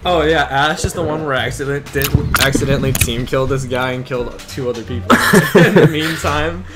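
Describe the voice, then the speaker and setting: A young man hosting a casual gameplay video, excitable and swearing, with panicky outbursts. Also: mid-range voice, moderate pace, heavy background noise. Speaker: gaming video host.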